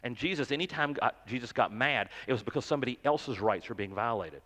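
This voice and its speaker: Brief: male pastor, mid-pitched voice, chatty sermon with stammered repeats, hall reverb. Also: lively intonation, fast, pushed and bright. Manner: conversational, self-deprecating, stammers and repeats words. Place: church sanctuary.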